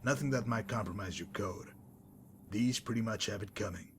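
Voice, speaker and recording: A man voicing a smug, sardonic male messenger-mercenary in a game, dry and mocking in manner, wordy and unhurried. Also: lowish voice, slight background noise, natural voice. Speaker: game character. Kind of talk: voiced game dialogue.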